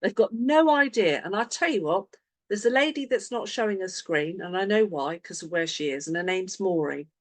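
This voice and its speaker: A woman coaches her sales team over a video call. Her pitch swings widely as she acts out what to say to customers. The sound is close and dry, with no room around it. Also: normal speed, no room sound. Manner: animated, acts out sample conversations. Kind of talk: online team coaching session.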